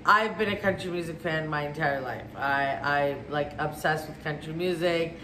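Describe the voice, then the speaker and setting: A woman's voice: deep voice, normal speed, background noise. A woman talking in a bubbly, gushing, rambling way, often repeating herself, as a home decor vlogger. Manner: rambling, talkative. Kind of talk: casual chatty vlog and voice-over. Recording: roomy echoey room, faint music.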